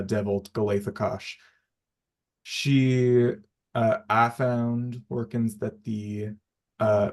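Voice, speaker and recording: A man with a lowish voice speaking slowly in character at a tabletop game. He hesitates often and searches for his words. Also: a little mellow. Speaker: player.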